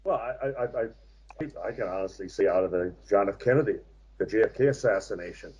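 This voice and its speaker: A man's voice: on the low side, a little mellow, husky. American man in his sixties, muffled line. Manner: measured, reflective storytelling with frequent hesitations. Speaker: guest author. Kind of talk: interview conversation.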